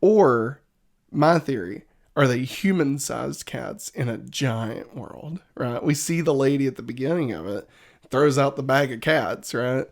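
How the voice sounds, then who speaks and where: A woman's voice: very deep voice, measured pace. A woman co-hosting a podcast, chatting casually and breaking into laughter often. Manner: giggly, animated, keeps breaking into laughter. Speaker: podcast co-host. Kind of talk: casual chat.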